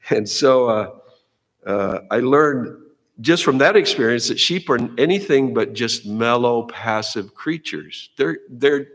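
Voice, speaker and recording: A man's voice: mid-range voice, a bit bright. Man preaching a folksy sermon in a reverberant church. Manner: conversational, folksy, repeats words as he goes. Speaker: pastor. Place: church sanctuary.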